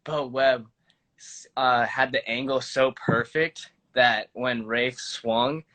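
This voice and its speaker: A man's voice: medium pitch, fairly even intonation, takes it slowly, sharp tone. A young man in his twenties, an actor guest talking casually in an interview, rambling with lots of fillers and restarts.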